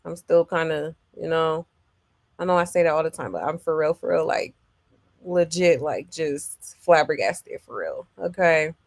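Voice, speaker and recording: Woman gossip-show host, casual and chatty, slow delivery, dry close sound. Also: low-pitched, vocal fry, dry recording. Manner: loose and chatty, full of "um" and "okay" check-ins; reads viewer comments aloud. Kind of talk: casual livestream commentary.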